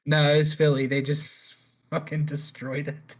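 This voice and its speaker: A man's voice: a little high, flat delivery, measured pace. A man co-hosting a podcast in casual chat, rambling through a news story with jokes and swearing. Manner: rambling, joking, swears freely. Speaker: podcast co-host.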